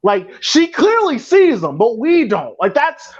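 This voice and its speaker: A man's voice: extremely high pitch, wildly swooping pitch, unhurried, breathy edge, highs cut off. A man co-hosting a podcast, giving casual movie commentary and rambling, with many repeated words and restarts. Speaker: podcast co-host.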